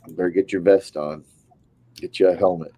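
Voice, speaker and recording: A man's voice: sits low, fairly even intonation, fairly quick, dark tone. A man co-hosting a casual chat, laid-back and wry.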